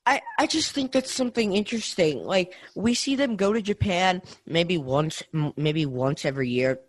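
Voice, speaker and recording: A young man co-hosting a casual sports podcast, talking in an animated way with lots of restarts and tag questions. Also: high voice, normal speed, no echo. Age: young adult. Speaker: podcast co-host.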